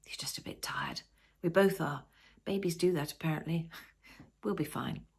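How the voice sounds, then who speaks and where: A woman reading the lines of a kind, steady husband in a storybook, gentle and reassuring. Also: sits low, moderate pace, creaky, slightly rough, heavily acted. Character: kind, steady husband, middle-aged man.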